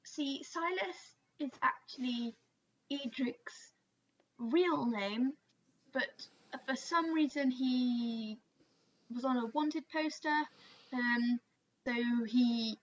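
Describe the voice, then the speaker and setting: A woman playing a tabletop game in character, hesitant and halting with many fillers, on a dull lo-fi mic. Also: a little high. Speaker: player.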